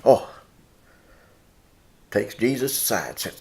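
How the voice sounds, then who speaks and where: Man preaching in church, slow delivery, voice swooping up and down a lot. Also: big pitch swings. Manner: preaching with dramatic swings in pitch and loudness. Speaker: pastor. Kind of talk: sermon.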